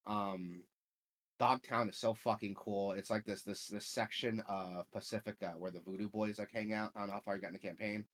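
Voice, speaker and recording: Profane, rambling young man, low voice. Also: steady tone, fairly quick, a bit bright. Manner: rambling, profane, filler-heavy. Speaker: podcast host. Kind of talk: casual gaming chat.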